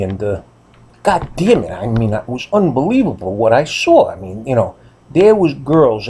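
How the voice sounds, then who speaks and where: A man's voice: fairly low pitch, a little mellow, slight background noise. A man telling a rambling story to his viewers, blunt and profane, full of "you know" and "I mean.". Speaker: vlogger. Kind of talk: casual storytelling monologue.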